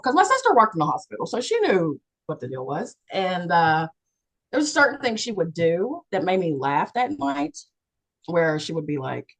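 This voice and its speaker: A woman from West Virginia candidly telling her personal story on a video call, animated and acting out the voices of the people in it. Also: medium pitch, normal speed, husky, low-quality recording. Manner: animated, acts out quoted people with big jumps in voice. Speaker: panelist and co-author sharing a near-death experience.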